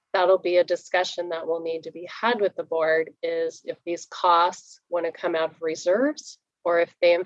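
Brisk woman presenting a budget report. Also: on the low side, no echo, highs cut off. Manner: brisk and explanatory, with frequent fillers. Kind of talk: public board meeting presentation.

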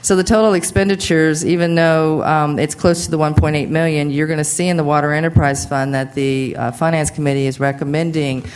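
A general manager at a public board meeting gives a staff report while unwell and hoarse, speaking in an informal, chatty way with many fillers and asides. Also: medium pitch, steady tone, fairly quick, few pauses.

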